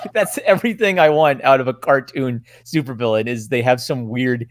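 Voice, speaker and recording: A man's voice: medium pitch, normal speed, no echo, clean studio sound. A man co-hosting a podcast, chatting in a thoughtful, easygoing way. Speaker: podcast co-host. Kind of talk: casual podcast chat.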